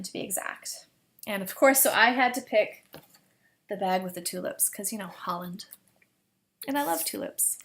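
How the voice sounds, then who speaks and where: A woman hosting a knitting podcast from home, chatting to the camera in a bubbly way with lots of fillers. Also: mid-range voice. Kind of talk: casual chat to camera.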